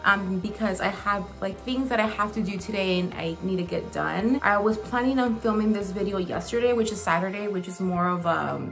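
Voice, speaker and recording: A woman beauty vlogger chatting casually while doing her makeup at home, gushing and talkative, in a gravelly morning voice. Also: medium pitch, fairly quick, hardly any pauses, a bit bright, soft background music. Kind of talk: casual makeup tutorial chat.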